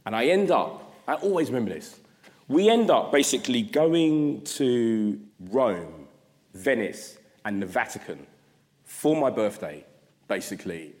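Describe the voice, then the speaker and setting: A man, giving an animated, humorous storytelling address. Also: mid-range voice, measured pace. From South London. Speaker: guest speaker. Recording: long hall reverb.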